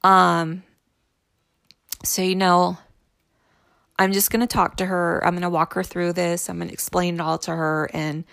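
A woman's voice: on the low side, level tone, unhurried, gravelly, pauses often, fairly bright tone, no room sound, studio quality. A middle-aged woman telling the story of her ex-husband's affairs in a candid, exasperated way, acting out what people said to her. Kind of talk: casual personal storytelling.

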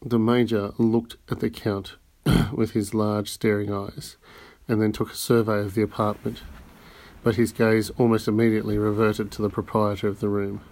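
A man's voice: lowish voice, flat delivery, normal speed, darkish tone. Man reading a novel aloud. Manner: reads with occasional slips and restarts. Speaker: audiobook reader. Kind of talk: amateur audiobook narration.

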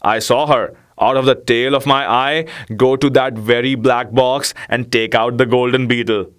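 A man's voice: medium pitch, fairly even intonation, normal speed, fairly bright tone, smooth, close to an everyday voice. A man voicing a clever, scheming house cat who lays out a plan in a storybook reading. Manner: knowing, earnest.

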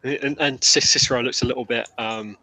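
Bright-toned man, game master, loose and rambling narration. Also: medium pitch, steady tone, a little fast. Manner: rambling, with many restarts.

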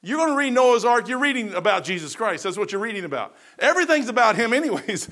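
High, bright-voiced preacher man. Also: big pitch swings, brisk. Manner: swings between loud and soft delivery. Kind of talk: sermon.

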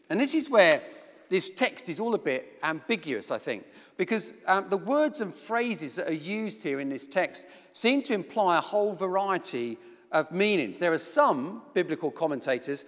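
A man's voice: high voice, big pitch swings, moderate pace, fairly bright tone. A middle-aged man preaching a sermon, telling a personal story with self-deprecating humor. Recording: long hall reverb.

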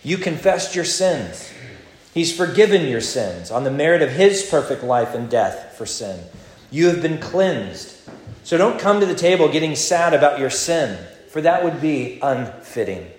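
Fervent pastor in an echoing sanctuary. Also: male voice, very animated, a little slow. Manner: fervent, emphatic, swings between loud declarations and quiet low asides. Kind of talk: communion sermon and prayer.

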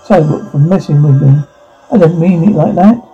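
A man's voice: on the high side, moderate pace, dark tone, faint music behind. A man reading all parts of a teen drama scene aloud, speaking the sound cues between the lines, on a dull lo-fi recording.

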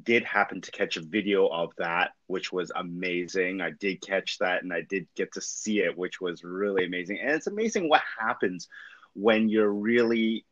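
A man hosting an interview, responding in a relaxed, affirming way. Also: sits low, moderate pace, no room sound. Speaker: host. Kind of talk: casual interview chat. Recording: dull, dry sound.

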